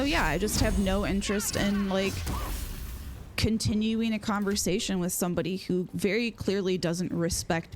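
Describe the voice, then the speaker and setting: A woman streaming a video game, talking casually and reacting aloud as she plays. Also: medium pitch. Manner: chatty, peppered with "like", reacts aloud to gameplay. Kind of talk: casual live-stream chat while gaming.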